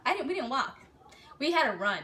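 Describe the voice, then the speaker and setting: A young woman telling a story in a casual, animated way, swearing freely and acting out what people said. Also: high voice, a little fast. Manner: animated, profane, acts out quotes.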